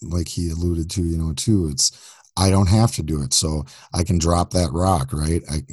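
A laid-back man co-hosts a recovery podcast, swearing and laughing easily. His voice is very deep and husky and sounds dry and close. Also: fairly even intonation, normal speed, a little mellow, dry recording. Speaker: podcast co-host. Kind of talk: casual chat.

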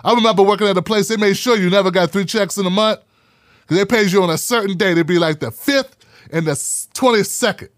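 A man hosting a live podcast, talking in an animated, preachy way and repeating phrases for emphasis. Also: sits high, quick pace, dry recording, clean studio sound. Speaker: podcast host. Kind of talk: live-streamed podcast talk.

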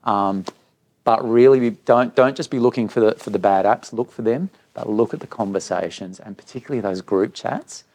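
A man's voice: on the low side, normal speed. A man, a school director of middle years, talking candidly at a live parent evening and telling stories with quoted dialogue. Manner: candid storytelling, animated when quoting others. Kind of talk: speaking at a live parent info night.

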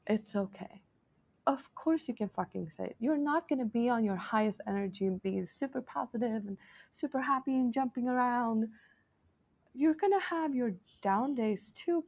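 A woman from Sweden talks as a guest over a video call, her voice gravelly with vocal fry. She tells animated stories, acts out quoted dialogue, and swears casually. It sounds like a relaxed conversation. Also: on the high side. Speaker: podcast guest.

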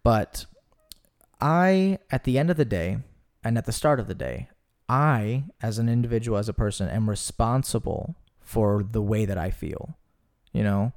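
A young man telling stories in a casual podcast chat, talking in a rambling, animated way with lots of fillers. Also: lowish voice, normal speed. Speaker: podcast guest.

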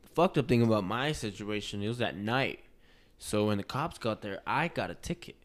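A man's voice: fairly low pitch, animated, moderate pace. A man as a guest on a podcast, chatting casually with easygoing slang and plenty of swearing. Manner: laid-back, profane slang talker. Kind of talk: casual chat.

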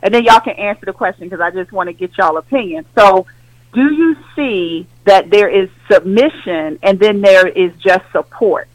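A woman's voice: medium pitch, moderate pace, dry recording. A woman calling in to a radio talk show, speaking directly and pressing with questions. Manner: direct, questioning, laughs while talking. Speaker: caller. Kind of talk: call-in radio discussion. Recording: phone line into radio show.

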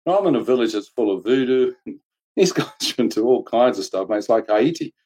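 A man's voice: mid-range voice, lively intonation, a little fast, dark tone, slightly rough, low-quality recording. A man telling a dramatic personal testimony in a loose, conversational way. He laughs often, drops in slang, and his voice jumps sharply upward whenever he acts out what someone said. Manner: colloquial slang, "mate", "flippin'". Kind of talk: animated personal storytelling.

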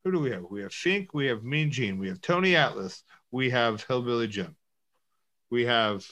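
A man's voice: medium pitch, lively intonation, moderate pace, sharp tone. A man co-hosting a casual podcast chat, teasing and wisecracking. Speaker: podcast co-host.

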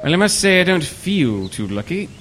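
An actor playing a weary, wry retired captain. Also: male voice, sits high, sing-song, moderate pace, fairly bright tone, a little hiss or hum. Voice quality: dry, wry.

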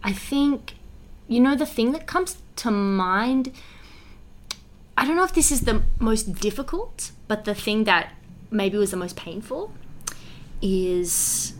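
A young woman, a musical theatre writer and performer, talking in an animated, heartfelt way in a casual interview, full of filler words. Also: medium pitch, unhurried, a little hiss or hum.

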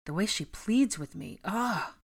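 A woman's voice: mid-range voice, sing-song, measured pace, creaky, breathy edge, voice pushed up, heavily acted. A woman voicing an earnest young man worried about his friends.

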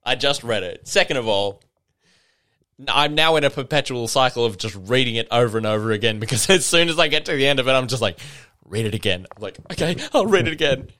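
A man's voice: medium pitch, fast, sharp tone, no room sound. A man hosting a casual solo podcast, ranting with swearing and mocking impressions, a bit tipsy. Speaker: podcast host.

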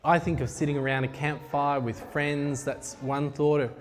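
A man preaches in a loose, conversational way, joking with the room and then growing heartfelt and intense. His voice sits a little high for a man. It rings out with the long reverb of a large hall. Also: little pitch movement, normal speed, a little hiss or hum. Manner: conversational, jokey, grows emotional and intense. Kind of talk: sermon.

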